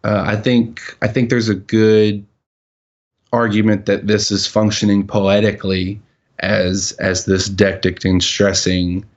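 A man's voice: fairly low pitch, level tone, unhurried, muffled recording. A man teaching a Hebrew text in casual dialogue, asking pointed questions and correcting terms with dry jokes. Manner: questioning, exacting, jokey. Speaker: teacher leading a Hebrew reading session.

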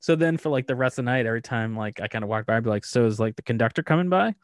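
Deadpan dad telling stories. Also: male voice, mid-range voice, very fast, no echo, studio quality. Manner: deadpan storyteller who acts out dialogue. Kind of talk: casual chat.

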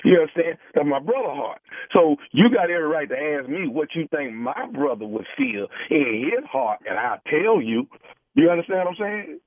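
A man on a prank call, talking in an insistent way that is full of repeated "you know"s and false starts. His voice sits a bit high and comes through a dry, tinny phone line. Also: big pitch swings, moderate pace, dry recording. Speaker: radio prank caller.

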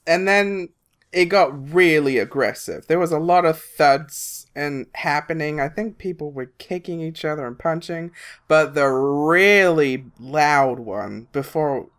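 Laid-back guy rambling through a story, slow and chuckly. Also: on the high side, fairly bright tone, clean tone. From lives in England. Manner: slow, meandering storytelling with frequent laughs. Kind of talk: casual chat among friends.

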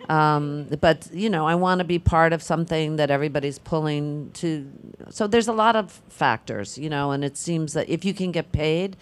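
On a film panel, an older actress chats informally, her female voice sitting low. Her speech is reflective and hesitant, full of fillers and frequent restarts.

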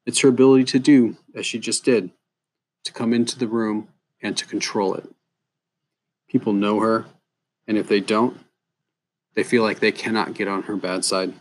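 Low-voiced man narrating a fantasy tale. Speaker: storyteller. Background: soft guitar music.

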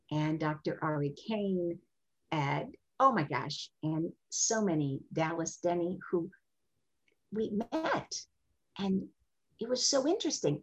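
Husky older woman telling lively stories. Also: rough recording. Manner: expressive, jumps into high voices when quoting. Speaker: sexologist and guest. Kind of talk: animated interview storytelling.

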